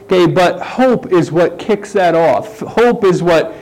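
A man's voice: high-pitched, animated, takes it slowly, darkish tone, rough recording. A middle-aged man preaching a conversational sermon, checking in with "okay" and "right?" as he explains. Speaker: pastor.

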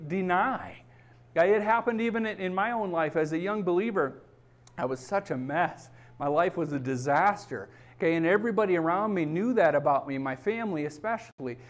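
A middle-aged man preaching a sermon in a fairly high voice. He is emphatic and keeps checking in with his congregation as he goes. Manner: emphatic, repeats "okay?" to the congregation. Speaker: pastor.

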